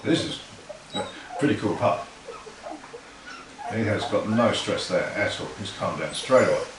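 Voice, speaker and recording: A man, a dog breeder, casually explaining puppy handling while talking softly to the pups. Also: fairly low pitch, animated, a little slow, recorded from a distance. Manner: talks softly to puppies between explanations. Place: kennel with puppies. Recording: roomy, from off-mic, with crowd noise.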